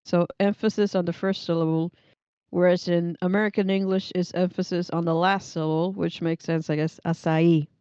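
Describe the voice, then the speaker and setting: Chatty young woman with a smooth, mellow voice. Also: fairly low pitch, steady tone, fairly quick, no room sound, lo-fi sound. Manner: chatty, rambling, laughs often. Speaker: livestream host reading chat. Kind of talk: casual stream chat.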